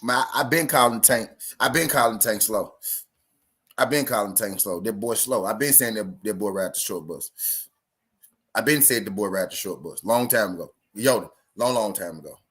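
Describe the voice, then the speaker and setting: A man's voice: lowish voice, normal speed, fairly bright tone. A man with a Southern US accent hosting a live boxing talk stream, in loose, profane, repetitive casual chat aimed at his viewers. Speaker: boxing talk show host.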